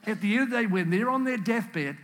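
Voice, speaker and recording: A man preaching a sermon, earnest and emotional, at times close to tears, building up to animated emphasis. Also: high-pitched, a little fast. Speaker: pastor.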